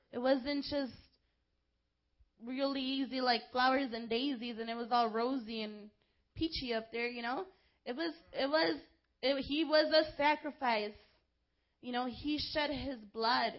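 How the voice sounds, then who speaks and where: High-voiced woman preaching a lively sermon. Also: highs cut off. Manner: impassioned, rising to shouts when quoting crowds; casual asides to the congregation.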